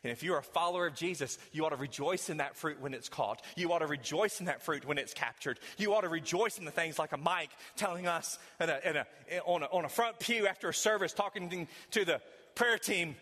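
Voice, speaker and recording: A male pastor preaching a sermon with dramatic swings from loud emphasis to hushed intimacy. His voice is high and bright, and a long reverb from the church hall follows every phrase. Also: a little fast.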